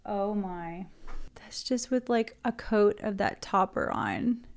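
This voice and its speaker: A woman's voice: mid-range voice, takes it slowly, smooth. A woman in her thirties casually talking through painting her nails at home into a desk mic, narrating each step as she goes. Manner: chatty, self-narrating while painting nails. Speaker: beauty vlogger. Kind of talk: casual tutorial chat.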